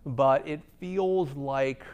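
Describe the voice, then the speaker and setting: A man's voice: mid-range voice, drawn-out words, darkish tone, clear, resonant tone, lo-fi sound. A man speaking as a guest at a company talk, answering audience questions in a candid, conversational way with frequent ums. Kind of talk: conference Q&A talk. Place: company event room.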